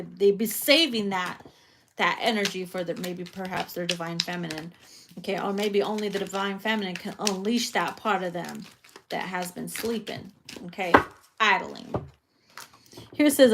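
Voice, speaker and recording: A woman's voice: mid-range voice, background noise. Bawdy, playful woman reading tarot. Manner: bawdy, playful, laughs often, slangy asides. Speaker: tarot reader. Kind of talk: casual tarot reading monologue.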